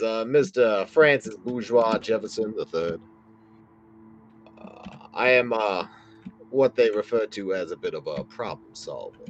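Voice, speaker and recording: A man doing a courtly Southern gentleman fixer. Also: fairly low pitch, muffled recording. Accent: put-on American Southern. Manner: courtly, hesitant, with many uh fillers. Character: suave Southern gentleman fixer, polite, formal.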